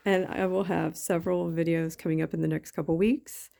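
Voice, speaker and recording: Low, gravelly-voiced woman crafting along. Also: fairly quick, few pauses, warm tone. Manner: chatty, rambling, thinks aloud with fillers. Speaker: craft YouTuber. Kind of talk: casual craft-along chat.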